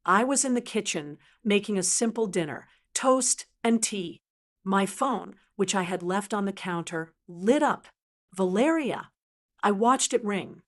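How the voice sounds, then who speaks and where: Older woman telling her own story, cool and unhurried, mid-range pitch. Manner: calm, cold, deliberate. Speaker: narrator. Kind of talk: scripted first-person narration.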